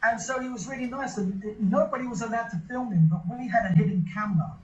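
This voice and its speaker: A man's voice: extremely high pitch, fast, darkish tone, slight background noise. A man, interviewed in an echoey room, tells a long story in a loose, rambling way, restarting and repeating his words often. The sound is dull and a little lo-fi. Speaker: interview guest. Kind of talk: casual anecdote telling.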